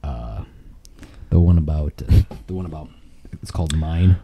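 A man in casual chat, throwing in short quips and jokes, with a husky voice. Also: very deep voice, normal speed, lo-fi sound.

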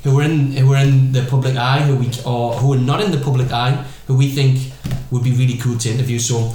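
A young man hosts a casual podcast, quick to tease and laugh. His voice sits at an ordinary pitch. The room is very echoey, with faint noise behind him. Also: fairly even intonation, dark tone. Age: 20s. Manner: teasing, laughs often. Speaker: podcast host.

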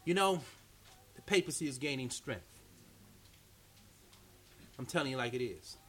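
A male pastor preaching an animated, story-driven sermon at a church meeting, acting out dialogue and repeating words for emphasis. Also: medium pitch, a little slow.

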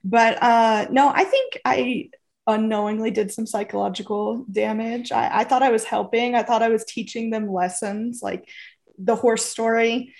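A young woman tells a family story on a casual podcast, her voice sitting a little high. She laughs often as she goes and drops to a soft, low tone for quoted lines. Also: moderate pace, gravelly. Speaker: podcast co-host.

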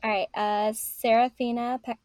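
A woman's voice: fairly high pitch, little pitch movement, normal speed, darkish tone, dry recording. A woman co-hosting a casual chat, talkative and self-deprecating.

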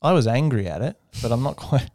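A young man, a guest in a casual interview, telling his story with animation and jumping into a high voice to mimic people he quotes. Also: lively intonation, a little fast, a little mellow, no room sound. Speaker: aerospace engineer guest.

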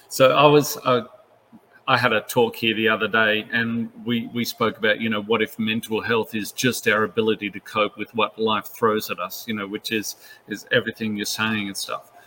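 A male interviewer asking relaxed, loosely phrased questions in a casual conversation. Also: lowish voice, slight background noise, rough recording.

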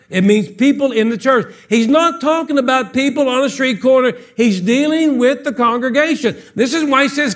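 A man preaching a sermon to his congregation in a church, animated and joking, firing off rhetorical questions. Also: very high-pitched, normal speed, hardly any pauses. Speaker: pastor. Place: church sanctuary, live service.

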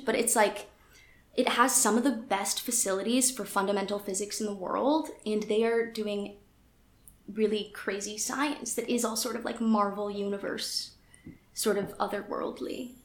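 A woman's voice: medium pitch, fairly even intonation, moderate pace. Chatty woman, echoey room. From United States. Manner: chatty, filler-heavy, self-deprecating. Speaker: podcast co-host. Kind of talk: casual chat, reading from a website.

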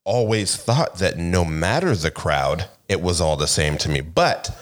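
A middle-aged man co-hosting a podcast, telling animated stories in casual chat and laughing often. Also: sits low, measured pace. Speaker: podcast co-host.

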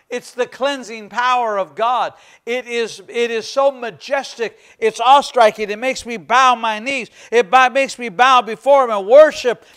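A man's voice: extremely high pitch, a bit bright, clean tone. A man preaching a sermon as pastor, fervent and emphatic, repeating phrases for stress.

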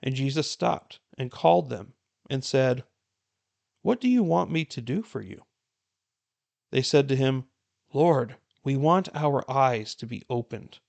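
A man hosting a Bible reading plan, reading scripture passages aloud in an earnest, unhurried way and then explaining them in casual commentary. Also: medium pitch, animated, vocal fry, a little mellow.

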